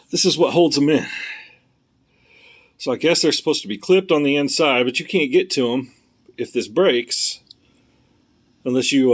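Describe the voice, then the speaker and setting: A man at an ordinary middle pitch rambles plainly as he works on his car in a garage. He mutters to himself between points, filming on a handheld camera. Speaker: car hobbyist vlogger. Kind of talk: casual talk while working on a car.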